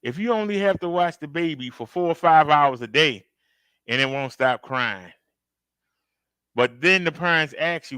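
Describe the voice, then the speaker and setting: A man's slightly high, bright voice carries a forceful yet smooth tone at normal speed in a dry recording. Hosting a reaction video, he chats casually and emphatically with his audience, addressing them directly and acting out outbursts in his story.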